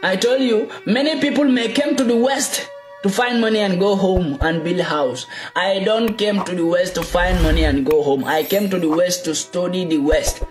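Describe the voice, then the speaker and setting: A man delivers a fiery political speech, driving his points home with repeated rhetorical questions. His voice sits high and rings in an echoey room. Faint music plays underneath. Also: normal speed. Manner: repetitive rhetorical questions, emphatic.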